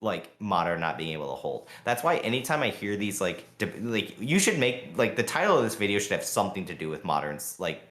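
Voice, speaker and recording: A man co-hosting a podcast, talking fast and heatedly in a long rambling rant full of fillers. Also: low voice, big pitch swings, fairly bright tone, echoey room. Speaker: podcast co-host. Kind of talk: casual podcast chat.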